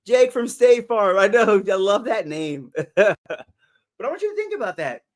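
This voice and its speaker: A man with a fairly high voice hosts a casual live stream. He chats upbeat and loose, calls out viewers by name and laughs easily between his encouragement. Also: huge pitch swings, moderate pace. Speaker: livestream motivational host. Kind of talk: live stream chat reading. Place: home livestream setup.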